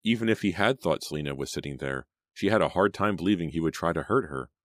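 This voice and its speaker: Very deep-voiced male audiobook narrator. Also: expressive, fairly bright tone, no echo. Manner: measured storytelling. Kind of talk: scripted narration. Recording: dry close studio sound.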